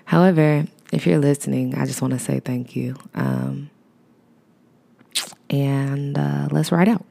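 A woman's voice: rumbling low, fairly even intonation, a little slow, creaky, mellow. A woman hosting her own podcast, talking in a rambling, reflective, casual way with chatty asides. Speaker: podcast host. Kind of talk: casual solo podcast monologue.

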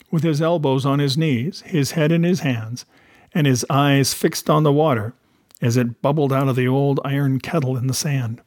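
A man reading a novel aloud in a steady, measured storytelling voice. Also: medium pitch, no echo, clean studio sound. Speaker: reader.

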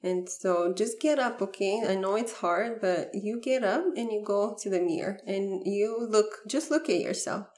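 A woman's voice: medium pitch, moderate pace, hardly any pauses, a little mellow. A young woman guest in a casual interview, speaking heartfelt and personal with many "like" fillers. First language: Bulgarian. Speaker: podcast guest.

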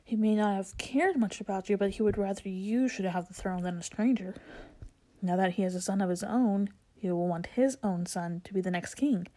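A woman reading the part of an old, learned male tutor, earnest and protective, dropping to a hush in places. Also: medium pitch, normal speed, natural voice.

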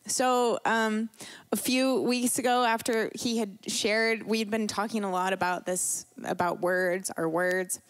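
A woman's voice: mid-range voice, steady tone, a little slow. A woman sharing a personal testimony during a church service, candid and self-deprecating, often restarting her sentences. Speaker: pastor's wife sharing a testimony. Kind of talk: sermon testimony. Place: church stage.

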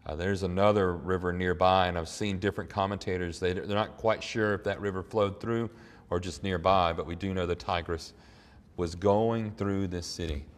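A middle-aged man preaching a sermon. He talks earnestly, climbs to emphatic high points and then drops to quiet reflection. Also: fairly even intonation, moderate pace, in a large hall. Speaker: pastor.

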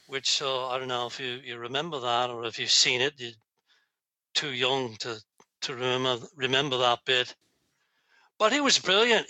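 A man's voice: medium pitch, pushed and bright, no room sound, low-quality recording. A man in a time-traveling famous singer persona, chatting casually on a podcast with rambling, laughing anecdotes.

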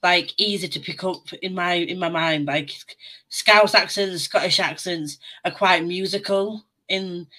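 A woman from the UK co-hosting a podcast, chatting in a lively way and swearing casually. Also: fairly low pitch, unhurried, rough recording. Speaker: podcast co-host. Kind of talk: casual chat.

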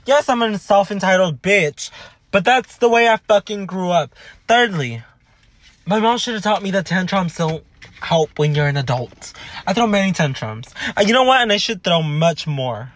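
A young man with a high-pitched voice rants into his camera, dramatic and full of swearing. He talks like a student venting about school and the people around him, in a loose, casual vlog. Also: lively intonation, normal speed, fairly bright tone. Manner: ranting, profane, dramatic. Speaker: vlogger, student. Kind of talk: profane ranting vlog.

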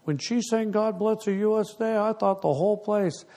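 A man's voice: high-pitched, normal speed, warm tone, voice pushed up. A man voicing a chatty, admiring older man on a cruise, with a folksy drawl.

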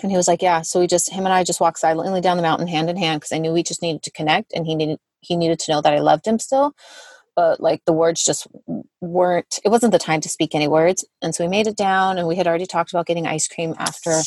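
Woman, thirties, therapist and mom, casual interview storytelling, lots of "like", lowish voice, dry close sound. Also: a little mellow, no room sound. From Southern California. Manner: chatty, many "like" fillers, acts out quotes. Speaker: guest therapist and parent.

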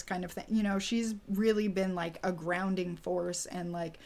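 A woman's voice: lowish voice, steady tone, measured pace, few pauses, darkish tone. A woman hosting a casual TV recap podcast, asking her co-hosts questions and leading the talk. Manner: leads the discussion, asks the others questions. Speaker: podcast host. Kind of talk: casual chat.

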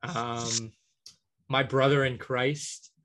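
Podcast guy just rattling off a list, lots of ums, kinda chuckly, average pitch. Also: flat delivery, extremely slow, a bit bright. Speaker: podcast co-host. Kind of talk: casual chat.

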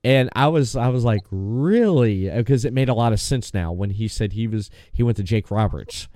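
A man's voice: fairly low pitch, no room sound. Male host, casual wrestling talk, dry close sound, easygoing. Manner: relaxed, halting, restarts phrases. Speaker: podcast host. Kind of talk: casual podcast chat.

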